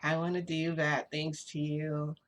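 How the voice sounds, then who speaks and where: A woman quoting a flirtatious, insistent adult man in a low, hushed voice. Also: flat delivery, a little slow. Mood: pleading.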